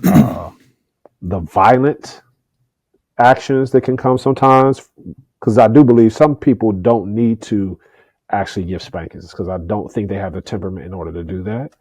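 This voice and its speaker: A middle-aged man talks earnestly as a podcast guest, often repeating a word before his thought comes out. His voice is low-pitched and warm. It is recorded dry and close. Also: normal speed, breathy edge, no room sound. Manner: earnest, repeats words when starting a thought. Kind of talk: candid conversational interview.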